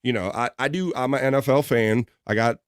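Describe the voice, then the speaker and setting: A man speaks a little fast in a medium pitch, the sound clean and studio-like with no room noise. He hosts a laid-back livestream, joking with his audience, laughing frequently and reading their comments out loud.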